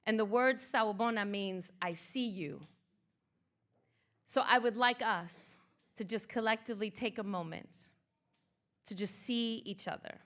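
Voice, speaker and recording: A woman, a motivational speaker, reciting a slow, emphatic spoken-word piece and then leading a live audience through a participation exercise at a museum event. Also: a little high. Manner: slow, emphatic poetic delivery, then lively and playful with the crowd.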